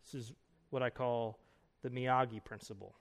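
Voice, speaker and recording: A man in his thirties, a pastor teaching at a conference breakout session in a casual, emphatic way, full of quick asides and rhetorical questions. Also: medium pitch, steady tone. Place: conference room.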